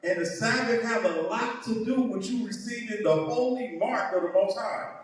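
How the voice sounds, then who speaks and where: A high-voiced man teaches a heated Bible lesson at a moderate pace, emphatic and mocking, often ending his points with "right?". The recording sounds echoey, as if from a hall with the mic far away.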